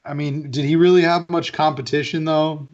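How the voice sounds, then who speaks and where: A man's voice: a little high, fairly even intonation, moderate pace, highs cut off, a crowd in the background. A man joking around on a tabletop-game podcast with dry, teasing remarks. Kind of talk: casual podcast banter.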